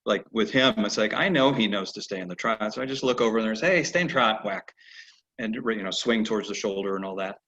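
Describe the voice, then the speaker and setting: A man teaching a horse training lesson over a video call, telling animated stories and acting out the horses' replies. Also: on the low side, brisk. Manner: animated storyteller who acts out horses' replies. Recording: dull lo-fi video call audio.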